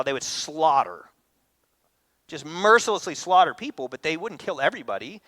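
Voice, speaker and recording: A pastor in his thirties giving a conversational sermon, acting out quotes with lively energy. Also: on the high side, no room sound. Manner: conversational, animated, acts out quotes.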